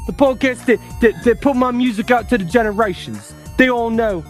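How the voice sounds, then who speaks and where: A man's voice: very high voice, a little fast, soft background music, voice pushed up. A man putting on a cocky British rock frontman. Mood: swaggering. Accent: put-on British. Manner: cocky, drawling, calls everyone mate. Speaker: podcast co-host.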